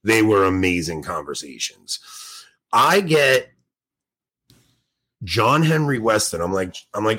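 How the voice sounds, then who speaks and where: A man co-hosting a podcast, telling excitable stories in casual chat, acting out his conversations and laughing often. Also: fairly low pitch, measured pace, pauses often. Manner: excitable storyteller, acts out dialogue, laughs often. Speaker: podcast co-host.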